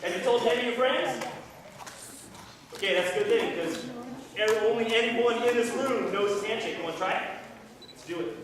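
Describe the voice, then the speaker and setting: At a scout ceremony, a man in costume plays a rowdy backwoods bobcat mountain man, hammy and teasing. His voice is very high-pitched and a little fast with long pauses, picked up from far off in an echoey hall with a noisy background.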